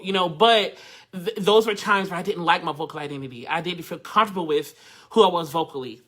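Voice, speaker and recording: Bright, high-voiced young man. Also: fast. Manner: candid, personal, with laughs and restarts. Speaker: voice teacher. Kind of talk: casual storytelling in a live online workshop.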